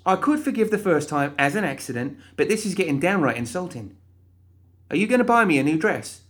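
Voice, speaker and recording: A man's voice: a little high, very animated, brisk, pitched above the performer's own voice. A man voicing a cheerful, prim undead young woman, talking in a chirpy, sweetly indignant way in a storybook reading.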